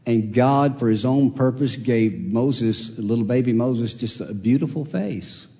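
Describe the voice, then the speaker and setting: A man preaching a sermon with a folksy, storytelling manner, swinging between loud and soft passages. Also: mid-range voice, measured pace. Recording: long hall reverb.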